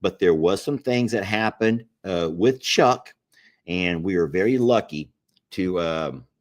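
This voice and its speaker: Hosting a casual livestream, a middle-aged man reads his viewers' comments aloud in an easygoing drawl and laughs easily. His voice sits low and is expressive, and he speaks a little slowly.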